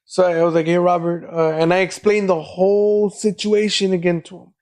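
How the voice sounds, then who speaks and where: A man's voice: sits high, flat delivery, moderate pace, a little mellow. A man hosting a podcast, telling loose, rambling anecdotes in casual chat with plenty of profanity. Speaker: podcast host.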